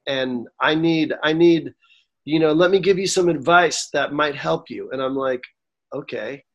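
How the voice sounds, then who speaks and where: Higher-pitched man telling his story. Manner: animated, acts out quoted dialogue; gets emotional. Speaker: songwriter guest. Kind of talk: storytelling interview.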